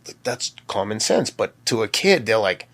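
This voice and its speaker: Candid man in his fifties, low voice. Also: very animated, normal speed. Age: 50s. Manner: acts out his own past yelling in sharp high bursts. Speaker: guest. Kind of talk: candid conversational storytelling.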